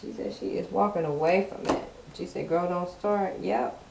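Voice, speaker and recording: A woman's voice: lowish voice, steady tone, normal speed, gravelly. Woman tarot reader, casual and teasing, echoey room recording with a faint hiss. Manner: chatty, teasing the cards, laughs often. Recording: echoey room, mic at a distance, faint noise.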